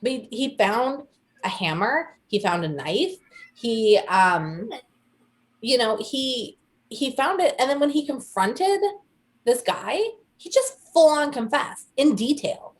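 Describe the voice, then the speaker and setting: A young woman co-hosting a casual chat, telling a story with animated quoted voices. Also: fairly high pitch, takes it slowly. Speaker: podcast co-host.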